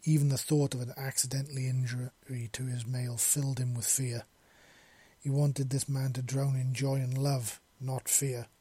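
Male narrator of a romance story with a dark, mellow, husky tone and an even delivery. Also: mid-range voice, normal speed, no echo.

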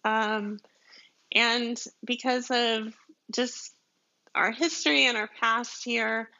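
A woman's voice: on the high side, fairly even intonation, slow pace, gravelly, bright, forceful tone, lo-fi sound. A woman with a Southern Georgia accent, hosting a podcast in a chatty, rambling way, with many ums and frequent laughs. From deep South Georgia, USA. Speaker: podcast host. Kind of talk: casual monologue.

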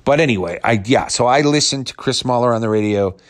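A man's voice: mid-range voice, a little fast. A man, ranting in casual talk as a sports fan, profane, exasperated and mocking. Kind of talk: casual rant.

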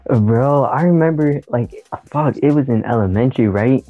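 A man's voice: medium pitch, moderate pace, no echo, faint music behind. A young man telling a story in rambling, slangy casual chat, laughing along. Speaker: podcast co-host. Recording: dry, tinny phone-like sound.

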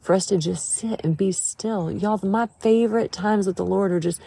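A woman's voice: mid-range voice, normal speed, creaky, dark tone, breathy edge. A woman hosting a devotional podcast, talking to listeners in an earnest, emphatic, conversational way. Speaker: podcast host.

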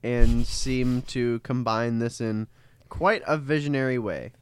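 Very low-voiced woman reading a horoscope. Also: darkish tone, smooth, dry recording. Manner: laid-back, reads haltingly with fillers. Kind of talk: casual chat reading a horoscope aloud.

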